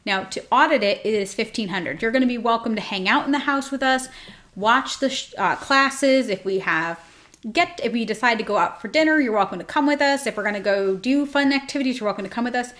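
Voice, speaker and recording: A woman's voice: a little high, animated, fairly quick, a bit bright. A woman hosting a podcast for pet groomers, talking in a chatty, upbeat, informal way. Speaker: podcast host and pet-grooming business coach. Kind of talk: casual monologue.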